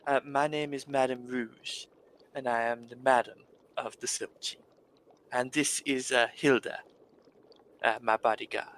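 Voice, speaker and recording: A man's voice: mid-range voice, steady tone, unhurried, fairly bright tone, natural voice, poor audio. A man voicing a flirtatious female cat-folk brothel madam who speaks in a teasing, coy way.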